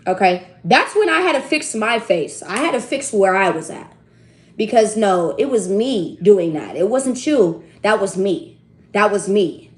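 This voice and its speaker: A woman in her twenties telling a story casually to her viewers, animated and slangy, swinging between loud outbursts and hushed asides. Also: on the high side, roomy sound. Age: 20s. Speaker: tarot reader and streamer.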